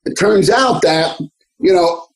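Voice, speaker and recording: High-voiced streetwise New York man. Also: slow pace, creaky, poor audio. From the Bronx, New York. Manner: rambling, streetwise, swears freely, acts out others' voices. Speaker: actor, guest. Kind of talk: casual storytelling interview.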